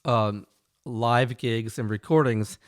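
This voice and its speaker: A man hosting an interview podcast, asking his old friend questions in a relaxed, friendly way. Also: mid-range voice, slow pace, no room sound, studio quality. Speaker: host, saxophonist. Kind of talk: casual interview chat.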